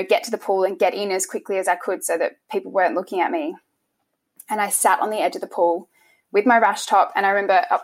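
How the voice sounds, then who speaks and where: A young woman, interviewed about her past, speaking in a soft, halting way and often restarting her sentences. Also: medium pitch. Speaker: interview guest. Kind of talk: emotional personal interview.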